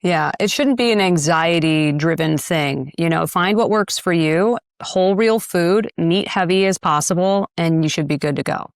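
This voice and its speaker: Woman host, agreeable, lowish voice, dry sound. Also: moderate pace, few pauses, no echo. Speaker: podcast host. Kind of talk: casual interview chat.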